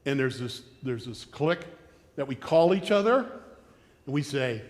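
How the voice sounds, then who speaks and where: Animated American preacher in a hall. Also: male voice, mid-range voice, moderate pace. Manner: animated storyteller, acting out shouted quotes. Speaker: pastor. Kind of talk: sermon with storytelling. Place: church sanctuary.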